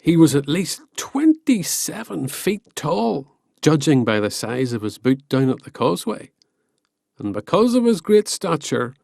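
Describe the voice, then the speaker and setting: A man narrating an animated storybook, playful and expressive with wry asides. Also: a little high, creaky, no room sound, studio quality.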